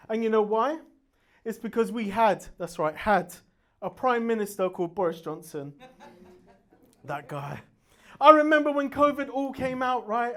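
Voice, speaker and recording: A man doing a stand-up comedy routine on stage, loud and brash, laughing at his own jokes. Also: very high voice.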